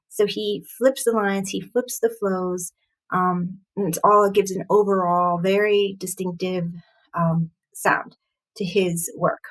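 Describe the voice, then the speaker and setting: A woman reviewing a poem, explaining its meter in a halting, thoughtful way with frequent pauses and fillers. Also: mid-range voice, flat delivery, poor audio. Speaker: poetry reviewer. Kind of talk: explaining poetry analysis.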